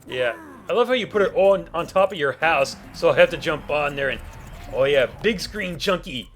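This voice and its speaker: A man's voice: a little high, fairly quick, slight background noise. A man doing let's play commentary as a gaming YouTuber, talking in a rambling way and often correcting himself. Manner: rambling, animated, self-correcting.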